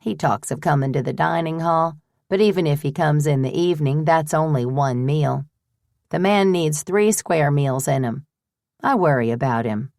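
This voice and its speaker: A woman voicing a shrewd older woman who runs a boarding house, brisk, firm and teasing. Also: deep voice, gravelly, darkish tone, no room sound, clean studio sound. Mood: fond.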